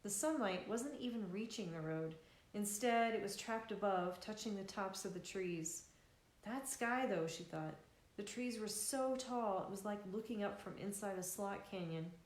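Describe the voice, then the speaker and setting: Lady reading her own book out loud, easygoing, little restarts, roomy echo. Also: mid-range voice, moderate pace. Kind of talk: live reading of a novel. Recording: echoey room.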